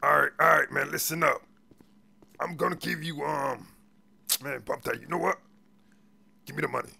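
A man's voice: on the high side, steady tone, moderate pace, gravelly, bright, forceful tone, a little hiss or hum, exaggerated voice. A man playing a crooked male police officer after a bribe, talking in slangy street speech full of stammered fillers, in an improvised game role-play. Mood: scheming.

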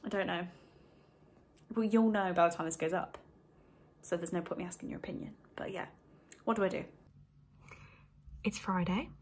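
A woman's voice: on the low side, fairly even intonation, moderate pace, long pauses, breathy edge. A young woman talking casually to camera from home about books, in a rambling, apologetic way. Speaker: book vlogger. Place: home, indoors.

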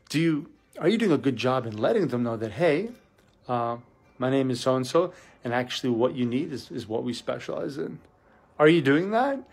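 A middle-aged man, a business coach, talking in a casual live vlog, energetic and preachy, repeating himself and calling the listener "dude". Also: medium pitch, breathy edge.

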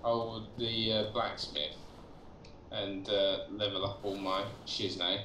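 A man's voice: fairly low pitch, steady tone, slow, pushed and bright. A man on a call playing a game with a friend, laid-back, joking and swearing casually. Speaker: co-op gaming partner on a call. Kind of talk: casual co-op gaming chat. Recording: echoey room over a voice call, faint noise.

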